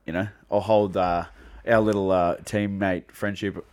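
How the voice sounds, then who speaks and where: An Australian man with a fairly low voice hosts a relaxed chat. He teases his guest and laughs a lot. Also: a little slow. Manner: joking, laughs often. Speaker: podcast host. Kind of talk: casual chat.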